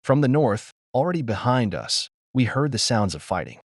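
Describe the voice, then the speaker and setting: A man narrating a first-person war memoir in a grave, measured storytelling manner. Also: mid-range voice, big pitch swings, no echo, clean studio sound.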